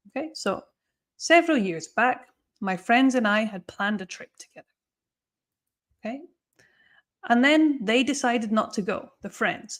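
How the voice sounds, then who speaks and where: A woman in a live online class, explaining grammar to a camera with a lively, fairly high voice. She slows right down on example sentences, drawing the words out for emphasis. She counts students down before each task. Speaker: English exam teacher.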